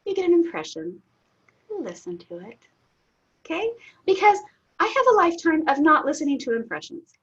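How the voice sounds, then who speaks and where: A middle-aged woman, a guest in an interview, telling a personal story candidly, laughing often and getting suddenly loud. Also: high voice, slightly rough. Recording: dull lo-fi audio.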